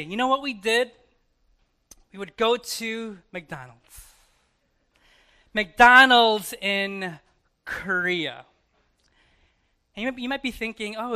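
American male pastor, 30s, clear high voice, casual sermon delivery with pauses. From United States. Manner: conversational preaching with dramatic pauses and soft asides. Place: church.

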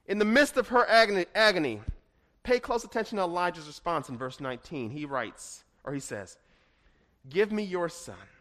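Preacher, male, high-pitched voice; builds from quiet reflection to forceful proclamation. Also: lively intonation, normal speed. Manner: swings from hushed to emphatic; reads scripture aloud in a dramatic way. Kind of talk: expository sermon.

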